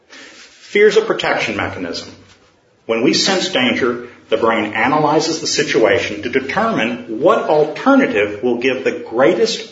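A male preacher giving a sermon, earnest and storytelling, with rhetorical questions. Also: mid-range voice. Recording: roomy, dull sound.

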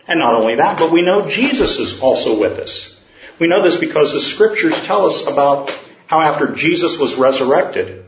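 A man's voice: fairly high pitch, a little hiss or hum. A male preacher giving a sermon, earnest and storytelling, with rhetorical questions. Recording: roomy, dull sound.

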